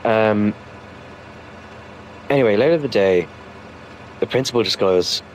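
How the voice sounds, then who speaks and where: Rambling low-voiced young man. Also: slight background noise, rough recording. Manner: rambling, halting, full of fillers. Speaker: storyteller. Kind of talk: casual storytelling.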